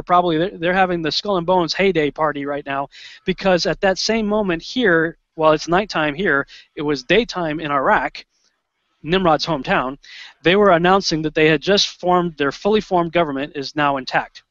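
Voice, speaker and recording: A man guest in an interview, telling a story in an animated, excitable way, often restarting and acting out what he said in the moment. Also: on the high side, a little fast, no echo. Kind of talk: conversational storytelling. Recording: dull lo-fi sound.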